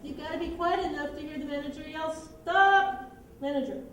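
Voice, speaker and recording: A woman teaching children, narrating a Bible story and directing kids through a skit in a lively, brisk way. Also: high voice, a little hiss or hum. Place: church room with children. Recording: echoey room, distant mic.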